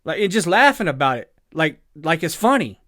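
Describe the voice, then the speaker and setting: A man's voice: a little high, sing-song, moderate pace, crowd noise. A man giving angry reaction commentary, indignant and exasperated, swearing and then apologizing for his language. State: upset.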